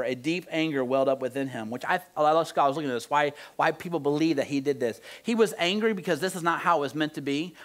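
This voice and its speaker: Brief: male pastor, slightly high voice, earnest conversational sermon delivery. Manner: earnest and conversational, swinging between soft, slow emphasis and animated outbursts. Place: church sanctuary.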